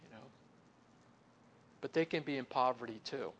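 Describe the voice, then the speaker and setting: A man preaching a conversational sermon, leaning on "you know" and stretching key words slowly before dropping to a soft, low close. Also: slight background noise. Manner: folksy, fills pauses with "you know". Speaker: pastor or Bible teacher.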